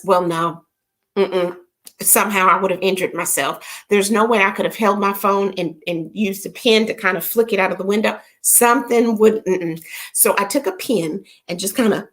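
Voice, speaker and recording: A middle-aged woman hosting a casual live stream, playful and chatty, greeting her viewers by name. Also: mid-range voice. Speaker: livestream host. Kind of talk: casual livestream chat.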